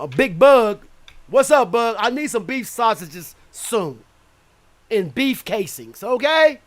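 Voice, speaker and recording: A high-voiced man hosting a radio talk show, his pitch leaping up and down as he rants. He swears freely, laughs often and sometimes shouts. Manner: animated, profane, frequently laughing, shouts at times. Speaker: internet radio show host. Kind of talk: loud ranting radio talk.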